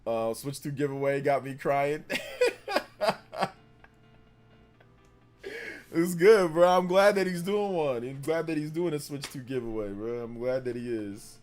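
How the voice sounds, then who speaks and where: A man's voice: medium pitch, moderate pace, few pauses, a little mellow, faint music behind. A man in his forties hosting a gaming livestream, chatting casually in a blunt, rambling way that repeats itself.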